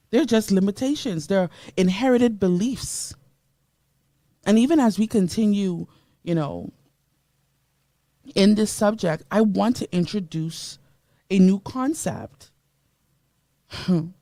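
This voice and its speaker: A woman's voice: medium pitch, dark tone, no echo. A woman from the Bahamas hosting a motivational radio show, emphatic and preachy, greeting listeners by name from a studio mic.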